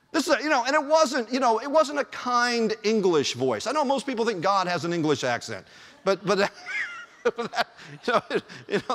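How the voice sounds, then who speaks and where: A male pastor preaching a sermon in a church, telling the story in an animated way and chuckling often. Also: sits high. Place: church sanctuary. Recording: long church reverb.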